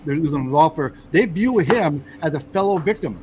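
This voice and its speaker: A fairly high-voiced American man hosts a casual political talk, stumbling through restarts and fillers as he argues his point. A faint hum of background noise sits under his voice. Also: animated, normal speed, darkish tone, rough recording. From United States. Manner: hesitant, many fillers and restarts, pushes back. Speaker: host.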